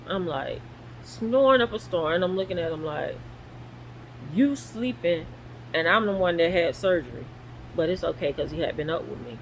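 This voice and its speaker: A woman's voice: on the low side, poor audio. Lady telling a story, voice jumps around a lot, sore and recovering, faint noise behind her. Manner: animated, acts out quoted voices. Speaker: vlogger. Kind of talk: casual storytelling. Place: guest room at home.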